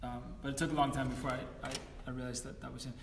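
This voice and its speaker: A man's voice: medium pitch, level tone, fast, noisy background. Distant, roomy-sounding male musician chatting. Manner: rambling and self-deprecating, with many fillers. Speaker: musician playing an online concert. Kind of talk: casual chat between songs.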